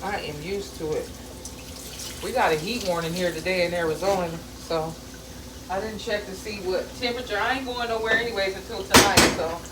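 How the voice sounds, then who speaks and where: A woman's voice: mid-range voice, background noise. A middle-aged woman chatting casually while she cooks at home, earthy and a little profane, drifting into stories. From American South. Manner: chatty, earthy and profane, with folksy grammar and storytelling tangents. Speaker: home cook vlogger. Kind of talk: casual cooking vlog chat. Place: home kitchen. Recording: echoey kitchen, mic at a distance, sizzling pan.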